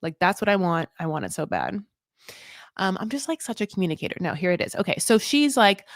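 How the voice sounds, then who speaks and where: This live recap host is a woman with an expressive, brisk mid-range voice, recorded at studio quality with no echo. She talks casually in a rambling way, full of fillers, side tangents and playful digs at herself.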